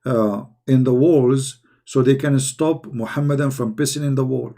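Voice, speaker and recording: A hoarse man giving heated commentary in halting non-native English, firing rhetorical questions as he reads texts aloud. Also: medium pitch, mellow. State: hoarse, losing his voice. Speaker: online commentator. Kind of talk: polemical commentary while reading texts aloud.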